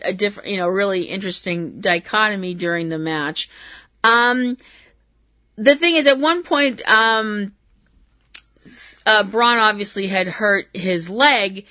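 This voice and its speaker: A woman's voice: medium pitch, pushed and bright, no room sound. A woman hosting a wrestling podcast, talking casually in a blunt, sarcastic way and swearing freely. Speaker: podcast host.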